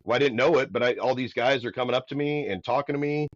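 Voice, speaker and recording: A man from the Midwest, a podcast guest, telling a story in a loud, energetic, casual way. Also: mid-range voice, fast, dry recording. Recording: dull, dry podcast audio.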